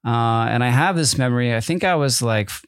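A man's voice: medium pitch, brisk, smooth, no room sound, studio quality. A man co-hosting a podcast in casual chat, rambling and hesitant with many fillers and restarts, with wry, amused asides. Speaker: podcast co-host.

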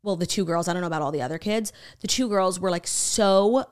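A woman's voice: fairly low pitch, fairly quick. Podcast lady retelling a true crime doc, swears a lot, does little voices for the quotes. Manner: animated, swearing, acts out quotes. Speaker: podcast co-host. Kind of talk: casual chat, retelling a true crime documentary.

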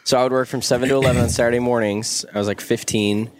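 A man's voice: medium pitch, steady tone, fast. Chatty man telling a story. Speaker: podcast co-host. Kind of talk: casual chat, storytelling.

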